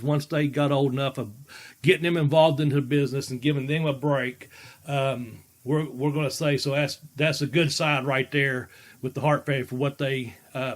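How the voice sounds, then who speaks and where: A man hosting a podcast, telling stories in a folksy, rambling way and laughing often. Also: medium pitch. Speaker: podcast host. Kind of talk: casual storytelling chat.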